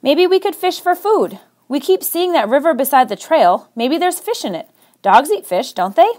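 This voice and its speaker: An earnest teenage boy from the city, quick to defend himself and pleading in an emphatic, rising voice, as a woman reads him aloud. He sounds a little higher than the narration around him. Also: sing-song, a little mellow. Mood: coaxing.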